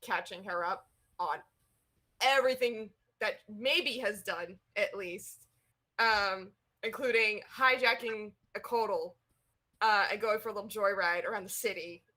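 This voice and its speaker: Bright woman narrating her character. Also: mid-range voice, a little slow. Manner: hesitant, filler-heavy. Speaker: player.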